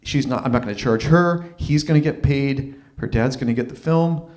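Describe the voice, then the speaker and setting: A man's voice: medium pitch, moderate pace, a little mellow. A man telling a personal story at a live open-mic event, conversational and self-deprecating, often restarting his phrases.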